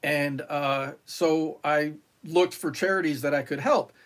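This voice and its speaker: Speaking slightly slowly in a fairly bright, high-leaning voice, a middle-aged retired Marine from New York shares stories on a podcast. It's casual interview storytelling, meandering with many fillers and restarts, and he voices other people's lines himself.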